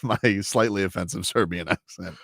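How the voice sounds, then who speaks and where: A man's voice: low-pitched, moderate pace, creaky, dry recording, clean studio sound. A male sports radio host in casual banter, joking and rambling through stories.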